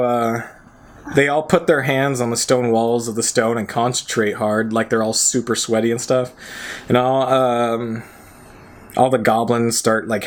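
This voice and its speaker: Rambling young man, lots of "like". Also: mid-range voice. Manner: rambling, laughs often, lots of "like" and swearing. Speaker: podcast co-host. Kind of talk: casual chat recapping a movie.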